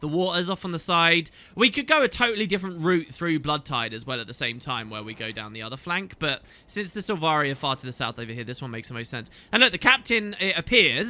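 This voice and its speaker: In a dry recording with no room sound, a let's play host in his thirties chats enthusiastically through a video game playthrough. His tone is sharp, and his voice swoops in pitch as he comments.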